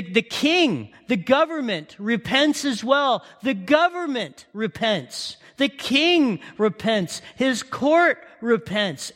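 A man with a high, bright, forceful voice preaches a sermon, pulling his listeners into the story with question after question. His voice carries a long reverb from a big hall. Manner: impassioned storytelling, repeated rhetorical questions.

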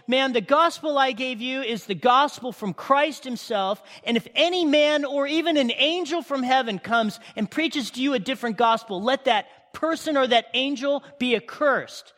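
A man's voice: very high-pitched, fairly bright tone. A male pastor giving an emphatic, conversational sermon, often asking the congregation questions. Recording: reverberant hall sound.

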